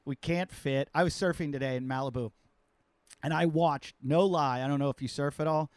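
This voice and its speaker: A man's voice: fairly high pitch, a little fast, a little mellow, clear, resonant tone, dry recording. A man hosting a podcast as a comedian, telling rambling, self-mocking stories in casual chat.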